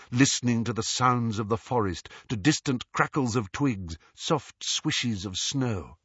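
A man reading a novel aloud as a narrator, telling it expressively and dropping to a hush in quiet passages. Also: medium pitch, slightly rough, no room sound, highs cut off. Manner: expressive storytelling with hushed passages. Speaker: audiobook narrator. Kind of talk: scripted narration.

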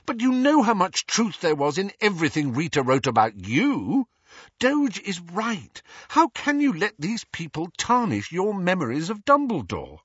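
A man voicing a clever, anxious teenage girl who talks urgently, in a husky, dull-sounding recording. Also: on the high side, expressive, fairly quick, few pauses, bright, forceful tone, no room sound, pitched above the performer's own voice, full character voice. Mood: earnest. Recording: dull lo-fi audio.

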